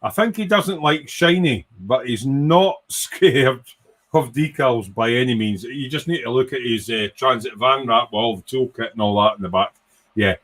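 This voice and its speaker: A man chatting loosely to his live-stream audience in a voice of ordinary middle pitch. He rambles from topic to topic, teases friends, swears without a second thought and reads viewer comments aloud as they come in. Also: a bit bright. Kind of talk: casual live-stream chat.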